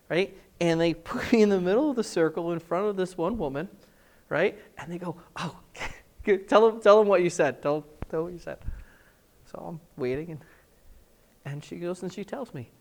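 A man preaching a sermon, telling stories with lively acted-out dialogue. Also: a little high. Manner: animated storytelling, acting out scenes in different voices. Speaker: pastor.

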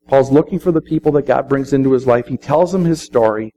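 A man's voice: mid-range voice, a little fast, few pauses, warm tone, rough recording. A middle-aged man preaching a sermon, speaking conversationally and quoting scripture. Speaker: pastor.

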